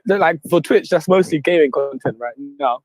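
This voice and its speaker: A man's voice: on the high side, moderate pace, no echo. A man in a casual online chat, an easygoing guest who laughs off questions. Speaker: guest podcaster.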